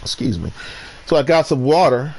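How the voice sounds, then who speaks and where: Ranting male gamer, very animated. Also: medium pitch, normal speed, vocal fry, a little hiss or hum. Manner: ranting, many restarts, swings from loud to muttering. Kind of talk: gameplay commentary rant.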